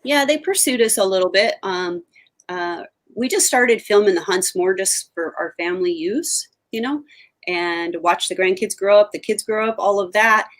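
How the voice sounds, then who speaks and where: A woman's voice: mid-range voice, moderate pace, a bit bright. An older woman and hunting show co-host, talking in a chatty, emphatic way in a casual interview. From Oregon.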